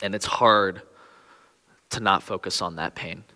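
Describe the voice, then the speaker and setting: A man's voice: low voice, fairly even intonation, a little slow, sharp tone, big-room sound. A young man preaching a sermon with earnest, pleading emphasis on key phrases.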